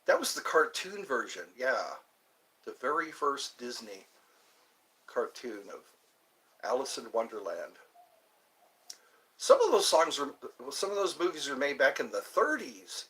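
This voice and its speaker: Bright-voiced rambling man vlogger. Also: medium pitch, big pitch swings, measured pace, long pauses. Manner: meandering, chatty, puts on playful voices. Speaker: channel host. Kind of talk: rambling casual vlog chat.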